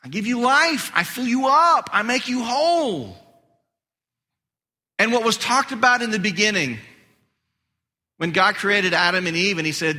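Man, pastor, lively sermon, hoarse voice, bright high tone, long church reverb. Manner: animated, conversational preaching with acted-out quotes. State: losing his voice. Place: church sanctuary.

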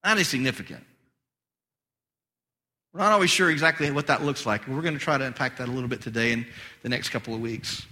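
A male pastor giving an animated, conversational sermon, his voice getting hoarse. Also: medium pitch, quick pace, long pauses. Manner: animated, conversational preaching with acted-out quotes. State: losing his voice. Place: church sanctuary. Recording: long hall reverb.

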